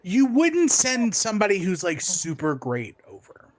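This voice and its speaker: A man with a slightly high, lively voice gives firm opinions and quick short replies in a casual chat. The recording is dry and close, with no room sound. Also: dry recording.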